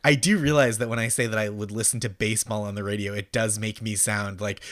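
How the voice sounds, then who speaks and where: A man's voice: on the low side, steady tone, fast talker, hardly any pauses, a bit bright, no room sound. A man from the Boston area, a podcast guest chatting casually with wry, self-deprecating humor. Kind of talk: casual conversation.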